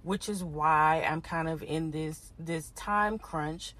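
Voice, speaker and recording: A woman podcast host telling a frustrating story in a casual, animated way, talking straight to her listeners. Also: sits low, slow. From Houston. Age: adult parent.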